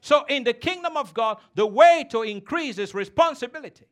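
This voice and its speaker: A man's voice: extremely high pitch, expressive, normal speed. A man preaching a sermon as a pastor, emphatic and teasing, calling on the congregation to respond.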